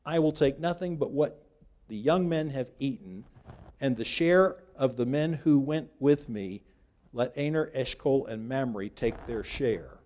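Reading from scripture for a Bible class, this man keeps stopping to point at a map and talk loosely, restarting his sentences along the way. He has a mid-range, slightly mellow voice and speaks a little slowly.

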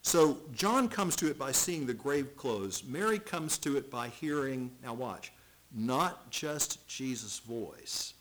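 A middle-aged male pastor preaching an expository sermon, reading scripture aloud and repeating words as he swings from loud to hushed. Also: mid-range voice, very animated, a little slow, hardly any pauses, poor audio.

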